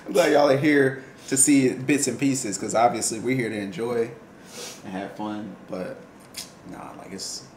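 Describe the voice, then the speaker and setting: A man's voice: mid-range voice, measured pace, echoey room, a little hiss or hum. A man chatting casually for his wife's vlog, laid-back and joking with slang. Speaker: vlogger's husband. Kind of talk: casual chat.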